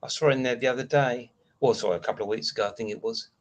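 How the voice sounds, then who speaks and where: British male streamer, mid-pitched, loose chatty delivery, wanders off-topic to reply to comments. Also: steady tone, racing. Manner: rambling, chatty, answers viewer comments between asides. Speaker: live stream host. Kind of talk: casual live-stream chat.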